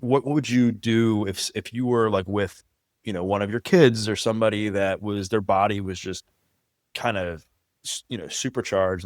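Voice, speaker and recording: Very deep-voiced male podcast host. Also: no room sound, clean studio sound. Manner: casual, filler-heavy questioning. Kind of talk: conversational interview.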